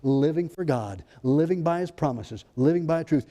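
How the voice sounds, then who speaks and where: A male pastor preaching a fervent sermon, swinging between loud exclamations and hushed, intimate lines. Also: a little high, expressive, moderate pace, few pauses. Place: church sanctuary. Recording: long hall reverb in a church.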